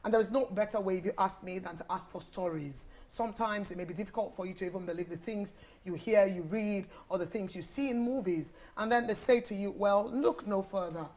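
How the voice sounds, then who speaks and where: A woman's voice: medium pitch, brisk, hardly any pauses, darkish tone. A woman hosting a TV panel, introducing and praising her guests effusively. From Nigeria. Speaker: TV show host.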